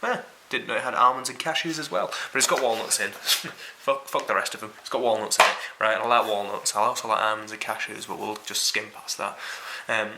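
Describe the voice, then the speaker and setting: A man's voice: on the low side, a little fast, vocal fry, hardly any pauses, very noisy. A young man with a Yorkshire accent giving a casual, rambling and sweary food review to camera. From Yorkshire, England.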